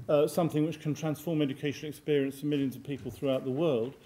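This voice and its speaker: An older British man chairing a panel debate in a formal, measured, enthusiastic way. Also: fairly high pitch, mellow. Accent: British English. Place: large lecture hall.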